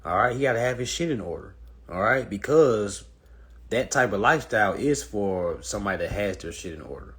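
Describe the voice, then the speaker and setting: A young man talking straight to his live-stream viewers from his phone, blunt, swearing freely, and animated. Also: a little fast. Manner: mocks women in a high falsetto. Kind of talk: casual monologue to viewers.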